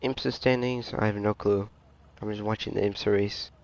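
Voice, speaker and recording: A man's voice: on the low side, fairly even intonation, moderate pace, gravelly. A man casually commentating a sim racing league stream, rambling and easygoing with muttered asides. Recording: faint background noise.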